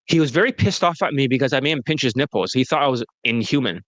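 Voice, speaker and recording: A man's voice: mid-range voice, expressive, quick pace, fairly bright tone, no echo. A man working as a dating coach, talking bluntly and crudely in a casual interview and laughing often.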